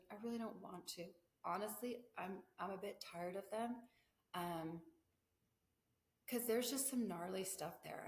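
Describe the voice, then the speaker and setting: Rambling middle-aged woman in echoey room. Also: fairly low pitch. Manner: rambling, self-interrupting, laughs between thoughts. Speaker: podcast host. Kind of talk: casual personal storytelling. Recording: echoey room, faint background hum.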